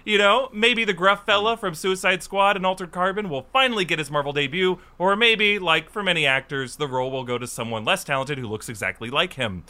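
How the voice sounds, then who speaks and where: A man's voice: high voice, brisk, hardly any pauses, sharp tone. A man hosting a casual entertainment panel show, joking and laughing between topics. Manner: jokey, laughs often. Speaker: host.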